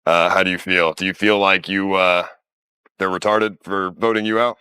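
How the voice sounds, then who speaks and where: Low, bright-voiced blunt male host. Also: level tone, moderate pace, clean tone, dry recording. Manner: blunt, offhand. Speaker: show host. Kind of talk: casual stream talk.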